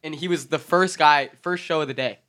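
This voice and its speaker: A man hosts a casual podcast with a bright, slightly high voice. He laughs a lot and keeps steering the chat to the next topic. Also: fairly quick. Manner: laughs often, moves topics along. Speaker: podcast host.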